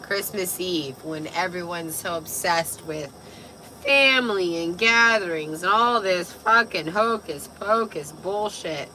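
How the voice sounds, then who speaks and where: Raspy tipsy young woman chatting on a stream, slow, giggly, swearing, noisy bg. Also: on the low side. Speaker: vlogger. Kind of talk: casual livestream chat.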